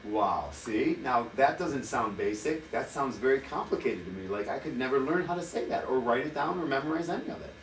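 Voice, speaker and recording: Animated, swearing man in an echoey room. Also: mid-range voice, brisk, hardly any pauses, a little hiss or hum. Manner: animated, profane, teasing. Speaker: vlogger. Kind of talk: casual chat. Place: hotel room. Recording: echoey room, mic at a distance.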